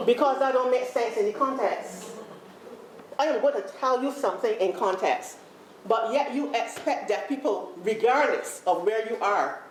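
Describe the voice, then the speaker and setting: A woman's voice: medium pitch, moderate pace, a little mellow. A Barbadian woman leading a workshop on deafness, talking animatedly to a room and repeating herself as she calls people up. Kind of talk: lively live workshop talk to a group. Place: large room with an audience. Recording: echoey room, faint background noise.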